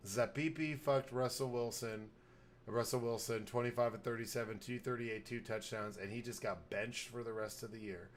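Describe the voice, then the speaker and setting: A man's voice: medium pitch, steady tone, moderate pace, a little hiss or hum. A man hosting a podcast, giving blunt, profane, rambling football takes in casual sports talk. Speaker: podcast host.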